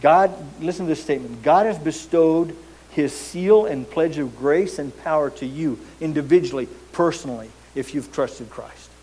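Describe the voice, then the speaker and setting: A man's voice: on the high side, moderate pace, mellow, husky, rough recording. A man preaching a sermon as pastor, emphatic, posing rhetorical questions and repeating words as he goes.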